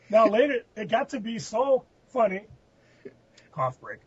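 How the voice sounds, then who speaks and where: A man's voice: high voice, very animated, unhurried, darkish tone, slightly rough. A man hosting a podcast, telling rambling anecdotes in a casual chat with laughing outbursts. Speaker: podcast host. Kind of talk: casual storytelling. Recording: muffled dry lo-fi recording.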